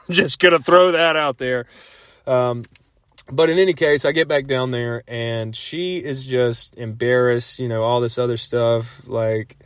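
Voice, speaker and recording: A man's voice: mid-range voice, no room sound, clean studio sound. A man in his thirties casually telling a rambling personal story, full of fillers and frequent laughs.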